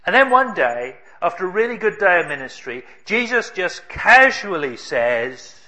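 Man, preacher, sermon, bright forceful tone, emphatic storytelling. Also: high voice, big pitch swings. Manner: storytelling, emphatic with dramatic pauses.

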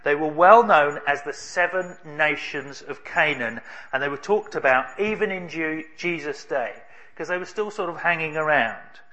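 A man preaching a sermon, telling a story in an emphatic way with dramatic pauses. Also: a little high, expressive, bright, forceful tone.

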